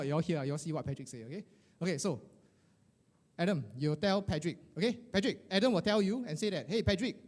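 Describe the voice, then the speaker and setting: A middle-aged man leads a motivational workshop, peppering his talk with "lah" and "eh" and constantly checking in with the audience. His voice sits a little high, with a mellow, soft-edged tone. He sounds animated and conversational rather than scripted. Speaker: coach for financial advisors.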